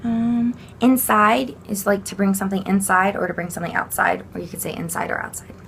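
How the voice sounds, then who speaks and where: A woman's voice: mid-range voice, level tone, brisk, creaky, fairly bright tone, a little hiss or hum. A young woman casually explaining sign language vocabulary to a home camera, chatty, with fillers and small laughs.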